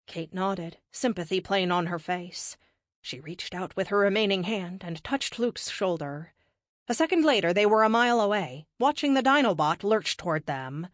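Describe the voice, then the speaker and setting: A woman's voice: medium pitch, expressive, moderate pace, no echo. Woman narrating an audiobook, dry close sound. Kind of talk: scripted narration.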